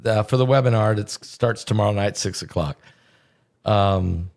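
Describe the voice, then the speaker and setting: A man, a pastor, hosting a casual interview and talking excitedly with many stammering restarts. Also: on the low side, normal speed, creaky.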